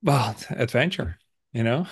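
A man's voice: medium pitch, animated, unhurried, breathy edge. A man from the Netherlands, hosting a podcast interview in an enthusiastic, casual way full of fillers. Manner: enthusiastic, filler-heavy, laughs often. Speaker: podcast host.

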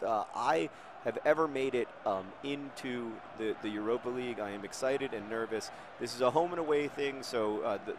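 A man giving casual, rambling gameplay commentary with jokey deadpan asides. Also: mid-range voice, a little hiss or hum. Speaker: video game commentator.

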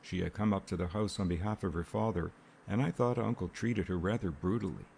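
A man reading the lines of a cheerful, easygoing young gentleman in a light, breezy manner. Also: low voice, a little fast, vocal fry, a little hiss or hum.

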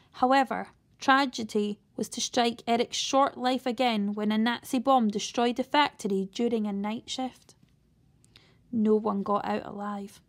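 A woman reading a children's novel aloud, steady, with the odd slip and restart. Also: fairly high pitch. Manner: steady read-aloud with occasional slips and restarts. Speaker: storyteller reading a children's book.

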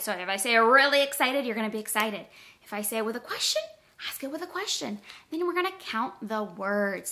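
A woman teacher leading a phonics lesson for young children, speaking slowly and clearly and encouraging her class. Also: on the high side, sharp tone. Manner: slow, clearly paced, encouraging.

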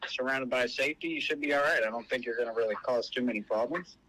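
A man's voice: medium pitch, fast, a bit bright, a little hiss or hum. A man working as an emergency dispatcher on a phone call, who sounds polite and hesitant and leans on lots of fillers. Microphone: telephone.

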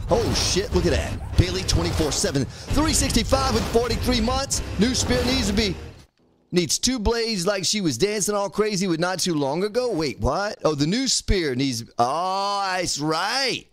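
A man's voice: sits high, lively intonation, a little slow. A man casually commenting on his own gameplay on a live stream, talking to himself, swearing lightly, and thanking viewers by name. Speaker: game streamer.

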